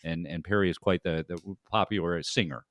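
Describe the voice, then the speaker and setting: A middle-aged man hosts a casual podcast chat, stopping and restarting as he rambles. His voice sits low. It is recorded dry and close. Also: fairly quick, fairly bright tone, dry recording. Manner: rambling, many fillers and restarts. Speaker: podcast host.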